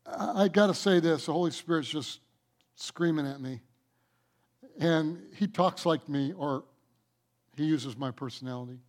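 Male pastor, high voice, emphatic sermon delivery with sudden loud and soft turns. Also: measured pace, long pauses. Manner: emphatic, swings from loud declarations to soft asides, acts out doubting voices.

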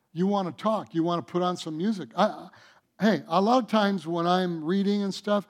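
A male pastor with a high voice delivers a sermon. He swings from loud, fervent exhortation down to quiet, hushed reflection. He acts out the lines of the scripture figures with animated voices.

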